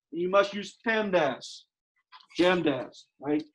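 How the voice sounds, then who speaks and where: High-voiced man teaching math in class. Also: very animated, slow. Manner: emphatic, repeats questions to the class. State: out of breath behind a face mask. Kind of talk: classroom lecture. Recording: dull lo-fi classroom audio.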